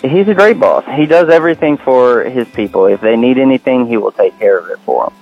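A man's voice: medium pitch, animated, brisk, phone-quality sound, soft background music. A man calling in to a radio show by phone, friendly and a bit hesitant, laughing shyly. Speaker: radio caller. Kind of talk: casual phone-in chat. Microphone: phone call.

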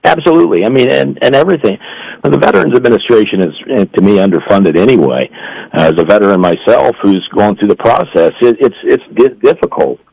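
A man's voice: lowish voice, lively intonation, a little fast, gravelly, darkish tone, husky, dry recording, highs cut off. A man, a police union leader, talking as a guest in an earnest, emphatic way with many restarts.

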